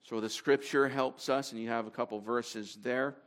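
A man's voice: medium pitch, steady tone, normal speed, fairly bright tone. A man preaching to a congregation in a conversational way, with fillers and restarts as he reads scripture aloud. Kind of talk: sermon.

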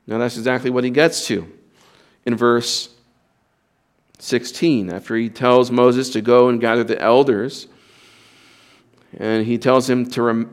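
A male pastor preaching a sermon in an earnest, emphatic way, repeating words and restarting phrases. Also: medium pitch.

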